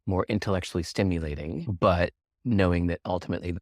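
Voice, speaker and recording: A man as a podcast guest, speaking thoughtfully and frankly in a measured way. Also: low-pitched, a little mellow, no echo, clean studio sound. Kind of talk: reflective conversation.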